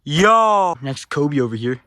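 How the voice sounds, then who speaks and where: A man's voice: fairly high pitch, big pitch swings, takes it slowly, bright, forceful tone, a little hiss or hum. A man vlogging a playful outdoor adventure in a goofy, mock-dramatic way. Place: outdoors in a field.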